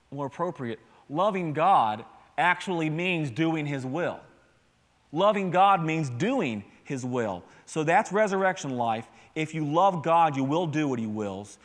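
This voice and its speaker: A man's voice: fairly high pitch, a bit bright. A man, a campus pastor, preaching a sermon in an earnest, conversational way with many restarts. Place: church sanctuary. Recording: long hall reverb.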